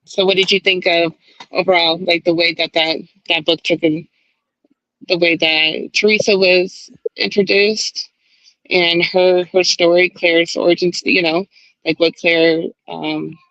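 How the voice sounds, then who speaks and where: Brief: woman host, animated and blunt-spoken, gravelly voice, dry and dull lo-fi call sound. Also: lowish voice, measured pace, no room sound. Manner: animated, swears freely. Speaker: book club host. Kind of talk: casual podcast discussion. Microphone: video call.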